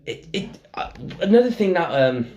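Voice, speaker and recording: A man's voice: high voice, sing-song, moderate pace, a little mellow, highs cut off. A man with a Welsh accent hosting a casual podcast chat, rambling and emphatic, swearing now and then. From Wales. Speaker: podcast host.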